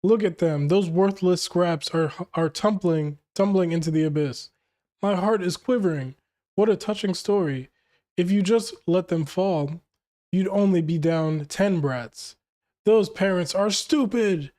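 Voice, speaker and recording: A man reading aloud as a cruel male villain who gloats over falling children, in a slow, relishing way. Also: high-pitched, warm tone. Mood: gloating.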